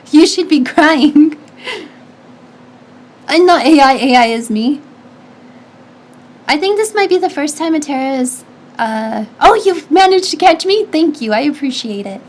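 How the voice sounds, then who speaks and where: High-voiced chatty young woman streamer. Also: lively intonation, unhurried, pauses often. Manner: chatty, rambling, giggly, many fillers and restarts. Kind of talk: casual stream chat reading viewer questions.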